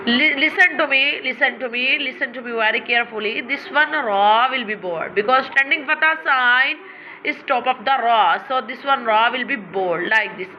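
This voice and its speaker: Woman w/ south asian accent teaching kids quran recitation, high voice, slow, kinda muffled recording. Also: slight background noise. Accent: South Asian English. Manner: slow drawn-out recitation between quick explanations; instructive, repeats for emphasis.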